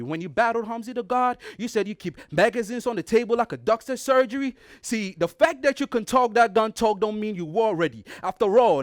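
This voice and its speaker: Aggressive high-voiced battle rapper. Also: male voice, no echo, studio quality. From Ghana. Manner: aggressive, taunting, repeats punchlines with rising force. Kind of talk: battle rap performance.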